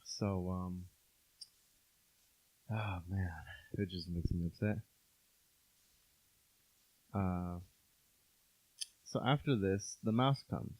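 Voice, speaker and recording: A man's voice: sits low, drawn-out words, pauses often, a little mellow. A young man co-hosting a podcast, chatting casually, swearing a lot and searching for words as he rambles. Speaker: podcast co-host. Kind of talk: casual chat. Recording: dull lo-fi dry sound.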